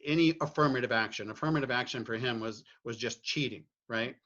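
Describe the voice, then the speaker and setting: Speaking briskly in a medium-pitched, somewhat bright voice, a middle-aged man from Virginia opens up as a podcast guest about his family and beliefs. He reflects candidly, frequently restarts his phrases, and keeps asking "right?"; the audio's highs are cut off.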